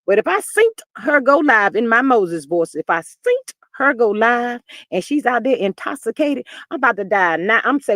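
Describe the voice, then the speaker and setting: A man in his fifties hosting a livestream, chatting in an expressive way, reading viewer comments and often calling listeners "child". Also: very high voice, moderate pace, no room sound, clean studio sound. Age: 50s. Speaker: livestream host.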